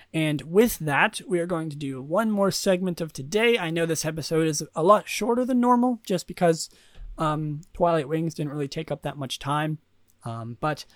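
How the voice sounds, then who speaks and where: A man's voice: on the high side, no echo, clean studio sound. A young man hosting a casual solo podcast, rambling with many fillers and restarts. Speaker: podcast host.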